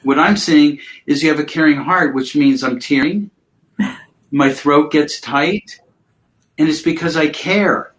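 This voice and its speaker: A man guiding a mindfulness session on a video call, speaking slowly and gently and inviting pauses. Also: a little high, rough recording. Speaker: mindfulness teacher.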